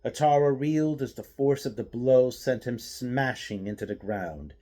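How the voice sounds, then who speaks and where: A man reading his own novel aloud as an expressive audiobook narration. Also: mid-range voice, moderate pace.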